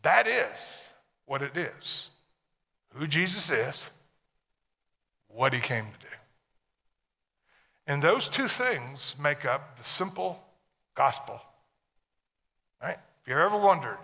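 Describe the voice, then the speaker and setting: A man's voice: a little high, expressive, measured pace, vocal fry, pauses often, sharp tone, long reverb tail. A man preaching a sermon to a congregation, emphatic and full of questions to the listeners. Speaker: pastor.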